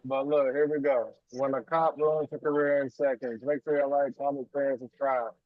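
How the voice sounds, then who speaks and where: A man co-hosting a reaction video, chatting casually with relaxed, slangy banter. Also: mid-range voice, moderate pace, dry recording, narrow, tinny audio.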